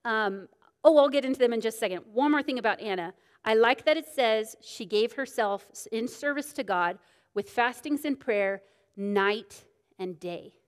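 A woman's voice: on the high side, expressive, moderate pace, clean tone. A woman in her thirties, teaching a women's Bible study in a candid, self-deprecating, storytelling way. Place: church meeting room. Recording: long church reverb.

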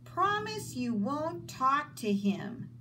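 A woman's voice: high voice, huge pitch swings, slow, pushed and bright, slight background noise, pitched above the performer's own voice, exaggerated voice. A woman reading aloud and voicing a cautious, bookish boy who talks in a dry, matter-of-fact way. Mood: stern.

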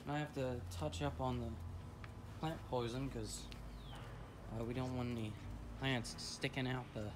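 A man's voice: mid-range voice, steady tone, a little slow, pauses often, background noise. A man vlogging a casual tour of his home, talking in a rambling, hesitant, offhand way. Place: at home, indoors.

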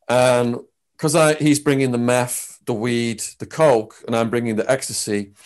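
English man, interview guest, lively storytelling, mid-pitched voice. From England. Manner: animated, with big swings in pitch and loudness.

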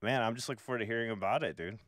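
A man's voice: medium pitch, very fast, fairly bright tone, no room sound, studio quality. A man hosting a podcast, chatting in a friendly, upbeat, easygoing way. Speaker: podcast host. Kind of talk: casual chat.

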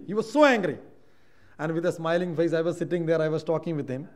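A man from Kerala with an Indian English accent, preaching a sermon in a church, moving between quiet reflective lines and loud emphatic ones. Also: fairly high pitch, moderate pace, pauses often. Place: church hall.

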